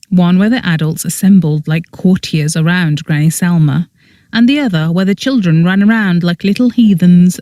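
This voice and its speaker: Brief: audiobook narrator, warm dark tone, dry close recording, even storytelling. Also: medium pitch, no room sound. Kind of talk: scripted first-person narration.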